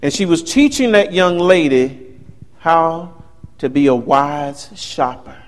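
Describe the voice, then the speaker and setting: A man's voice: a little high, slow. A man in his fifties telling a personal childhood story, acting out the voices of the people in it. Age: 50s. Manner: animated storyteller, acts out quoted voices.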